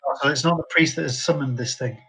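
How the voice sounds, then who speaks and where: Casting: male player, fast and bright, a bit husky, wry. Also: on the high side. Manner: wry, quick remarks. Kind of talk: casual play over voice chat.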